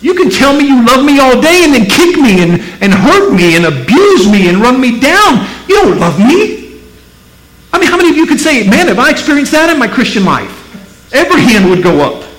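A pastor from Missouri preaching a sermon to his church, emphatic, swinging between loud peaks and low, slow passages. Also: very animated, roomy sound, low-quality recording. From Missouri, USA. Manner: emphatic, rising to near-shouted peaks, then dropping low and slow.

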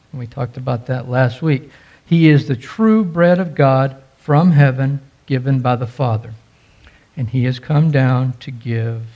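A man's voice: mid-range voice, darkish tone, lo-fi sound. A man preaching a sermon as pastor, stressing key phrases emphatically.

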